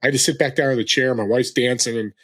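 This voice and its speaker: A man in his sixties talks fast in a steady, mid-range, slightly bright voice. Appearing as a guest on a podcast, where he is also a fellow show host, he urges listeners to act in an earnest, motivational, casual interview chat.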